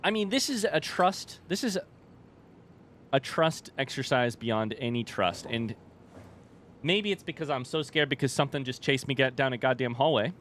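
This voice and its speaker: Male let's-play commentator: excitable, rambling and jokey, mid-pitched voice. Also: normal speed, slight background noise. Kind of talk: casual, unscripted game commentary.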